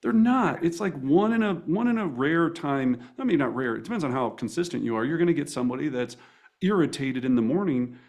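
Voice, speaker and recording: A man's voice: fairly high pitch, lively intonation, fairly quick, darkish tone. A man hosting an interview who talks enthusiastically, with frequent restarts and fillers as he asks questions. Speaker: host.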